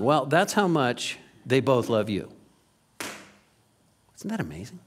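A male pastor preaching a sermon, reading scripture slowly and with emphasis, then breaking into lively asides to the congregation. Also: mid-range voice, a little hiss or hum.

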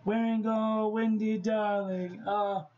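A man vlogging about stationery, talking to himself in an expressive, profane way as he tests inks. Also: high-pitched, extremely slow, highs cut off. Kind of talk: casual unboxing vlog.

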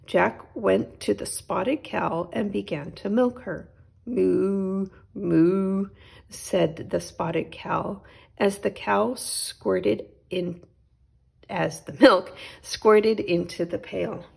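A woman reads a children's picture book aloud at a slow, gentle pace. Her voice has a strong gravelly fry and a husky, breathy grain. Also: mid-range voice. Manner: gentle, unhurried storytelling. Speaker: storytime host.

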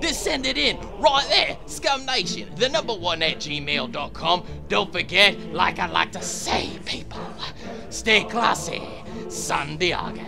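Hyped man with gravelly voice. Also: lively intonation, measured pace, few pauses. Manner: exclamatory, shouts "boom" at each kill. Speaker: host of gameplay clip countdown. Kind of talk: hyped gameplay commentary. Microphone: headset. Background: music.

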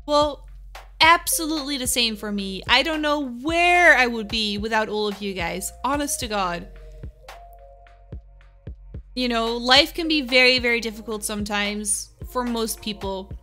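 A woman's voice: fairly high pitch, a little slow, pushed and bright, faint music behind. A woman streamer chatting casually with her live viewers, upbeat, laughing often and answering them by name.

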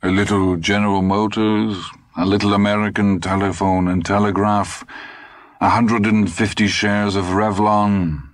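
A man's voice: fairly low pitch, level tone, no echo, voice pushed up, natural voice. A man reading the part of a bitter, cynical old fugitive in an audiobook, speaking with dry sarcasm. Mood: wry. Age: older. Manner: dry, sardonic, measured.

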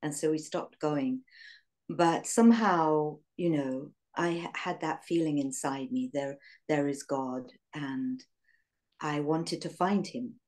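An English woman in her sixties recalls her past in an interview. Her voice sits very low, and she speaks reflectively, pausing on fillers and breaking into soft laughs. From England. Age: 60s. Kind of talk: reminiscing in an interview.

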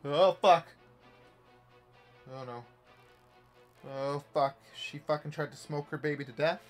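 A young man commentating a horror game playthrough, swearing a lot and swinging from hushed muttering to panicked yelps. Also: on the high side, flat delivery, normal speed, faint music behind. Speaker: gaming YouTuber.

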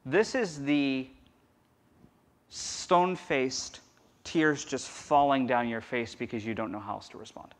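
Male pastor, mid-pitched, conversational sermon delivery, wide loud-to-quiet swings. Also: expressive, normal speed, few pauses. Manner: conversational, swings from loud emphasis to near-whisper. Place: church.

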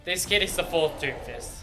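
A young man giving casual, excitable, rambling reaction commentary on video game cinematics, laughing often. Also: fairly high pitch.

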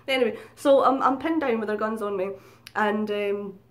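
A woman's voice: medium pitch, moderate pace. Chatty woman, swearing freely. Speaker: vlogger. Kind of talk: casual storytelling.

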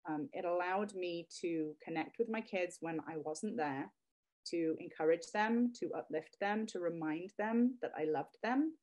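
Woman guest in her 30s, emotional, earnest interview talk, lowish voice. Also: measured pace, a little mellow. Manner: heartfelt, near tears at times. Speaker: guest, product creator.

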